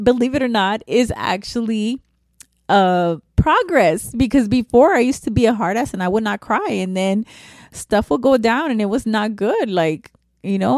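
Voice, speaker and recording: With a fairly high pitch and a darkish tone, a middle-aged woman talks frankly and emotionally on the podcast she hosts alone. Her speech is casual and slangy, and there's no room sound in the recording.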